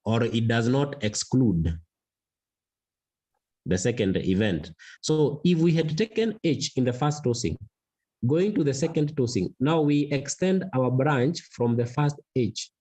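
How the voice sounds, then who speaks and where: A man teaching a mathematics lesson, slow and deliberate, repeating key words for emphasis. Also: mid-range voice, expressive, warm tone, low-quality recording. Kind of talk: classroom lesson.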